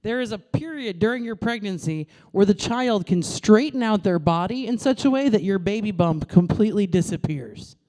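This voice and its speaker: A woman's voice: mid-range voice, normal speed, hardly any pauses. A woman comedian in her thirties, originally from New York, doing a brash, crude stand-up routine into a stage mic. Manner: brash, crude, animated punchlines.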